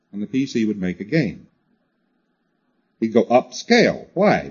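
Husky-voiced man lecturing a class. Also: on the low side, a little mellow, dull audio. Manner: conversational, drives points home with repetition and "you see" asides.

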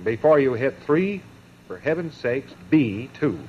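A man giving a lecture to a live audience, emphatic and sardonic, breaking his points into short phrases with pauses and mocking asides. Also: medium pitch, very animated, dull audio, a little hiss or hum.

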